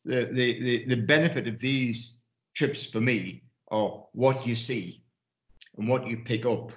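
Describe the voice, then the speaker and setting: A man's voice: mid-range voice, a little slow, roomy sound, dull audio. A man from Newcastle with a Geordie accent, telling rambling anecdotes as an investment firm partner in a casual panel discussion. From Newcastle, England. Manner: rambling anecdotes, many restarts.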